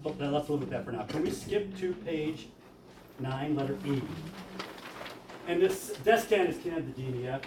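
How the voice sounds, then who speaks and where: Choir director talking and singing. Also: male voice, fairly high pitch, expressive, background noise. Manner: explains briskly, then sings lines to demonstrate. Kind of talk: choir rehearsal instruction. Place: rehearsal room with choir. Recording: echoey room from far off.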